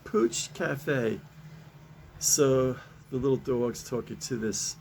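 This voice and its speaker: A man's voice: medium pitch, slow, gravelly, a little mellow, a little hiss or hum. A man in his seventies reading comic strips aloud in a casual, rambling way, chuckling often and restarting his sentences. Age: 70s. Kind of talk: casual chat.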